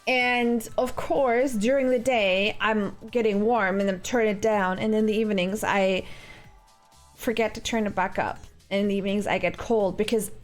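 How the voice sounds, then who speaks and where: A woman's voice: mid-range voice, steady tone, normal speed, faint music behind. A woman livestreaming from home, chatting casually with viewers in a rambling, giggly way full of fillers. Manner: rambling, giggly, thinks aloud with many fillers. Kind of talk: casual chat with live viewers. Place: home, indoors.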